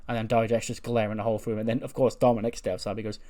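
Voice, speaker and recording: A man's voice: on the low side, fast talker. A man hosting a wrestling management game video, casually narrating the storyline and acting out the promos. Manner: lively, acts out promos.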